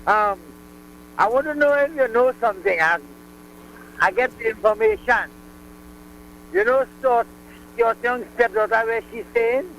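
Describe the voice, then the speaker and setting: Hesitant high-voiced male caller. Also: very animated, measured pace, long pauses, fairly bright tone, slight background noise, low-quality recording. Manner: hesitant, gossipy.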